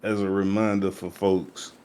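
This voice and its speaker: Man, podcast co-host, low voice, joking, teasing, slangy casual chat. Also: flat delivery, unhurried, mellow, clear, resonant tone.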